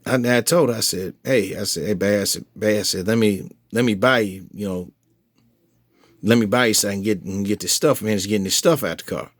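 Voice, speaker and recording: Man, low voice, casual vlog storytelling, lots of cursing, dry close sound. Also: brisk, dry recording. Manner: profane, animated retelling with heated quoted outbursts; frequent restarts and filler phrases. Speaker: vlogger updating followers.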